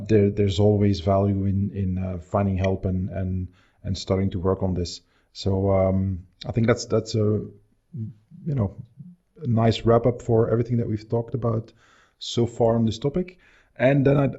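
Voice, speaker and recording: A man's voice: lowish voice, vocal fry, warm tone, slightly rough, dull audio. A man hosting a podcast, asking questions casually with hesitant, repeated words. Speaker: podcast host.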